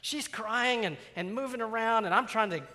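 A man preaching a storytelling sermon as a pastor, animated, swinging from loud exclamations to hushed asides. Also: sits high, moderate pace. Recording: long hall reverb.

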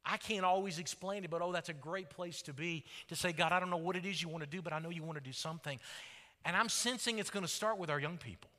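A man's voice: high voice, quick pace, pushed and bright. A man preaching a sermon as pastor, with fervent delivery that rises and falls. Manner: fervent, rising and falling delivery. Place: large church sanctuary. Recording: long hall reverb.

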